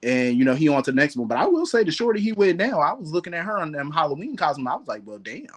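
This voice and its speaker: A man's voice: on the high side, sing-song, very fast. Blunt, slangy man ranting. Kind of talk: casual chat.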